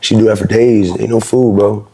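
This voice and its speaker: A man's voice: fairly low pitch, little pitch movement, moderate pace, mellow, husky. A young man from Philadelphia, a rapper, telling his story in rambling street slang as an interview guest. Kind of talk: casual storytelling.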